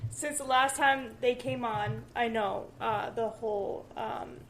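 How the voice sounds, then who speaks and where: A woman hosting a casual podcast, introducing guests in a loose, halting way. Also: on the high side, fairly even intonation, a bit bright, slight background noise, poor audio. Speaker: podcast host. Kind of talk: casual chat.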